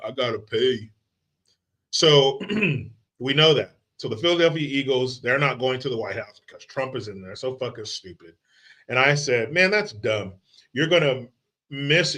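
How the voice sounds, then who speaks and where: A man's voice: medium pitch, a bit bright. A man hosting a live commentary stream, ranting in a casual, mocking and profane way. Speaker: livestream host.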